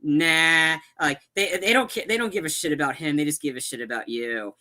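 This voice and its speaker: Casual podcast co-host, male, tense bright tone, slightly high, rambles and backtracks with plenty of fillers. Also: very animated, fast talker. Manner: rambling, many fillers and restarts. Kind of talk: casual movie chat.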